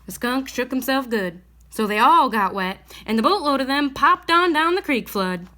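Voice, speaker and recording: A woman reading a bedtime story aloud in a gentle, expressive way. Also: high-pitched, moderate pace.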